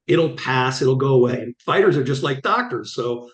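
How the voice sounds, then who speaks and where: In an echoey room, a middle-aged interview-show guest launches into animated storytelling, performing quoted lines with vivid flair. His voice is medium-pitched and expressive, moving at a normal speed.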